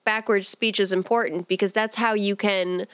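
A woman's voice: medium pitch, fairly even intonation, moderate pace, a bit bright, clear, resonant tone, dry recording. Laughing woman podcast co-host, close mic. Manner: laughs often, explains with playful enthusiasm. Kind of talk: casual chat.

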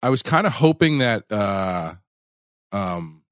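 A man co-hosting a podcast in casual chat, often halting and searching for his words. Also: on the low side, very animated, fairly bright tone, clean tone, no echo, studio quality. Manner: halting, searches for words, many fillers and restarts. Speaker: podcast co-host.

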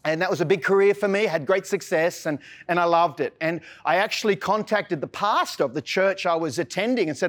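A man with an Australian accent preaching a sermon as pastor, earnest, often stumbling and restarting his words, slowing on key phrases and then rushing ahead. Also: high voice, a bit bright. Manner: earnest, frequent stammered restarts.

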